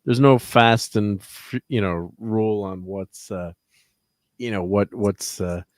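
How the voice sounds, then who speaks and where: A man's voice: fairly low pitch, takes it slowly, no echo, clean studio sound. A middle-aged man hosting a casual livestream chat, laid-back and chuckling often. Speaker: host.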